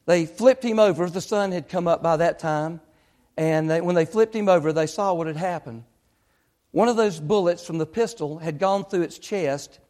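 A man's voice: a little high, darkish tone. A man preaching, retelling a story with lots of quoted speech in an earnest, building way. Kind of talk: sermon storytelling.

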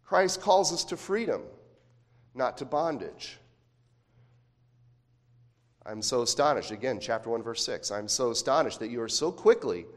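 A man preaching a sermon as pastor, talking in a conversational way with frequent rhetorical questions and restarts. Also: medium pitch. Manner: repeats words when restarting phrases.

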